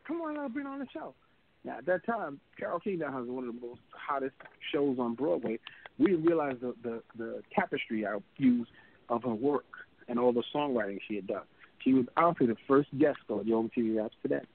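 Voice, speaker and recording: A man in his fifties, an interview guest telling an animated story and acting out other people's lines in a higher voice. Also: a little fast, gravelly. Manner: acts out quoted people in a higher voice. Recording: tinny phone-like line.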